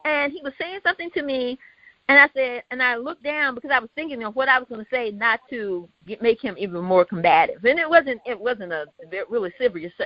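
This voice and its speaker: A woman with a high voice tells a story in a casual panel talk. She is animated and quotes the people she talks about. The sound is dry and a bit dull and lo-fi. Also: fairly quick, dry recording. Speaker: host. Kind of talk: casual discussion.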